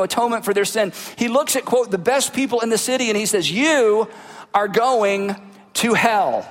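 A man delivers a sermon in an animated preaching style, putting rhetorical questions to his listeners. His voice sits high for a man. The sound carries a long hall reverb, as in a large church. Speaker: pastor.

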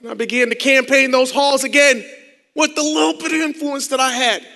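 A man telling a personal story in a talk, animated and moving from loud excitement to hushed low tones. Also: brisk, vocal fry. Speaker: storytelling speaker. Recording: long reverb of a large hall.

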